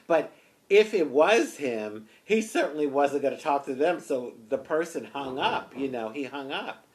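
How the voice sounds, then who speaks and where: A woman from the United States telling a personal story in an animated, expressive way, often saying "honey". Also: very deep voice, a little slow. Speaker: vlogger.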